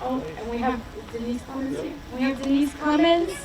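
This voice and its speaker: Female rally emcee, high and informal, distant echoey sound, noisy background. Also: moderate pace. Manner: informal, chatty, introduces candidates and speakers. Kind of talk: announcing at a rally. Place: outdoor sports field rally.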